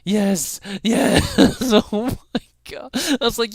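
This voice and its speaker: A man giving excited fan commentary on an animated show, emotional and often laughing. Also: very high voice, slow, gravelly, breathy edge.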